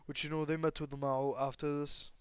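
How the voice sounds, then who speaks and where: A man's voice: fairly high pitch, little pitch movement, normal speed, clear, resonant tone, no echo. A young man improvising a fan story, rambling with constant fillers, restarts and casual swearing.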